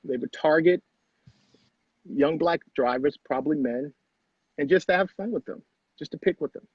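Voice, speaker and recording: Middle-aged male guest, husky, slightly high voice; earnest, repeats himself for weight; dull lo-fi home recording. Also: normal speed, dry recording. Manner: earnest, repeats phrases for emphasis. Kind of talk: personal storytelling in conversation.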